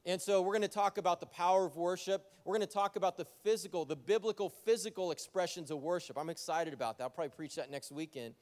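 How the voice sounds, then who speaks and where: A man preaching a sermon as pastor, joking and energetic, talking straight to his congregation. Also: high-pitched, quick pace, hardly any pauses. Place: church sanctuary. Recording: long church hall reverb.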